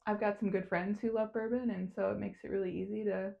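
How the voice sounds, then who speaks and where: A bubbly young woman with a light Kentucky accent chats easily as a podcast co-host, laughing through her stories. Her pitch is medium for a woman. The recording sounds a little dull and muffled. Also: flat delivery, fast, creaky. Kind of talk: casual chat.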